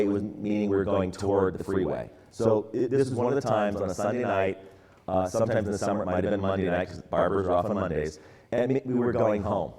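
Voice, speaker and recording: A man in his sixties from the San Francisco area gives a relaxed, storytelling church talk, full of casual fillers. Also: fairly low pitch. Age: 60s. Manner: relaxed, conversational, many fillers. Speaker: church ministry speaker.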